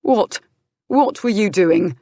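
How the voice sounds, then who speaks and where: Woman reading a firm, steady uncle. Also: mid-range voice, dry recording. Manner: firm, measured, dryly mocking. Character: older uncle and guardian, firm, steady boxer. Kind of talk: audiobook character voice.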